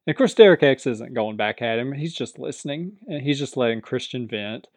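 A man giving a casual, animated recap commentary, telling the story with frequent chuckles. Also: mid-range voice, brisk, dry recording. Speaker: reality TV recap host.

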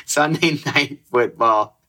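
A man's voice: mid-range voice, sharp tone. Male podcast co-host, casual sports talk, chuckles a lot, salty language. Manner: laughs often, swears, quick storytelling asides.

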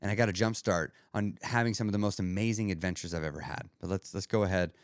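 A man's voice: deep voice, quick pace, dry recording. Podcast host, male, earnest and upbeat, thinks aloud, dead-dry close mic. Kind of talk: reflective podcast monologue.

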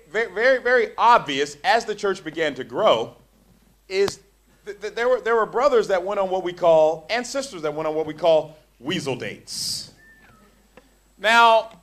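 Male preacher, animated sermon delivery with a raised pitch and restless restarts. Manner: animated, swings from hushed to loud emphasis; stammering restarts when excited. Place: church.

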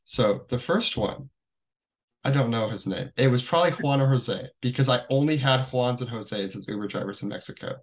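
A man's voice: mid-range voice, normal speed, highs cut off. Laid-back young man telling stories. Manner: rambling, full of "like" fillers. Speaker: podcast guest. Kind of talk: casual storytelling.

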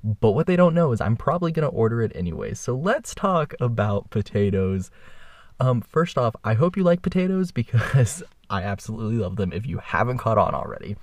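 Young male podcast host, husky and low, chatty storyteller who keeps laughing, dry close sound. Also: big pitch swings, fairly quick, dry recording. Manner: chatty, laughs often mid-sentence. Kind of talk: casual storytelling monologue.

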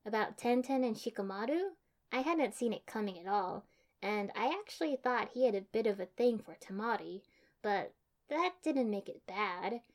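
A woman's voice: medium pitch, lively intonation, normal speed, a little mellow. Dry, matter-of-fact woman narrator. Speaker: audiobook reader. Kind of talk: first-person fan fiction narration.

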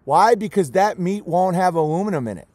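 A man with a fairly high voice delivers an impassioned vlog rant about raising his own animals. He speaks emphatically and emotionally, stays close to tears and hammers the same words over and over. The sound is dry and close, with no room around it. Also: animated, brisk, a little mellow, no room sound. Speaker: homesteader raising goats and chickens.

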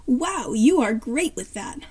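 A woman's voice: fairly high pitch, lively intonation, slow pace, darkish tone, slightly rough, full character voice. A woman voicing a cheerful, helpful boy with many sisters in a story reading.

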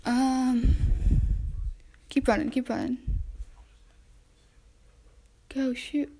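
Her voice is high, flat and a little mellow, moving at normal speed with frequent pauses. This young woman hosts a relaxed solo podcast from home, describing the backyard creatures she sees through the window and chatting to them when distracted.

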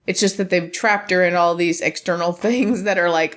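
A woman's voice: lowish voice, fairly even intonation, normal speed. A woman co-hosting a casual film review podcast, giving opinionated takes in long, winding runs.

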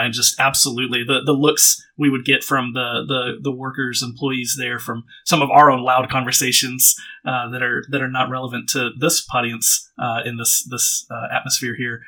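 A man who is a guest on a podcast, talking casually and haltingly with many restarts. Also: medium pitch, sharp tone, rough recording. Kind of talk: casual chat.

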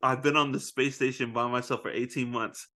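A man co-hosting a casual movie chat, animated and acting out scenes in big voices. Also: medium pitch, a little fast. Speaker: podcast co-host.

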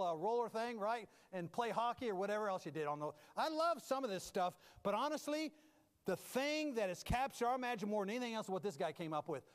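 A man preaching a humorous sermon as a pastor, animated and self-mocking, moving from loud bursts to low asides. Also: long reverb tail.

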